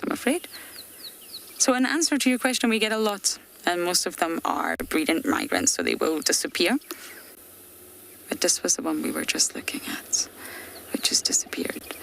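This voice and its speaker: A woman safari guide giving chatty, explanatory live commentary from a game-drive vehicle outdoors, sometimes dropping to hushed asides. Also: on the low side, gravelly, slight background noise.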